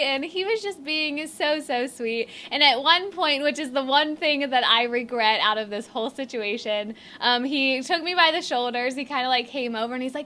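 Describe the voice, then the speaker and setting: A woman's voice: high-pitched, expressive, normal speed, hardly any pauses, sharp tone. A young woman, telling a story to camera in a bubbly, chatty way, filling in with "like" and acting out what people said. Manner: bubbly, chatty, many fillers, acts out quotes. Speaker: vlogger. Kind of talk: storytime chat.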